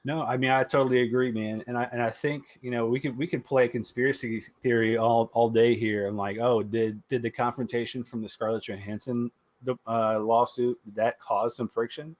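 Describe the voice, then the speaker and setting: A man hosts a podcast in loose, casual chat, joking and swearing freely. His voice sits in a middle pitch for a man. The sound is dry and close, with little room around it. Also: fairly even intonation, normal speed, dry recording. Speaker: podcast host. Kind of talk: casual chat about movies.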